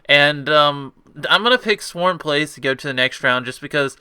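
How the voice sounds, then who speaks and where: A man's voice: on the high side, expressive, normal speed, sharp tone, clear, resonant tone, no room sound. A young man hosting a contest, casually judging entries in a rambling, upbeat way with lots of fillers. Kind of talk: casual spoken critique.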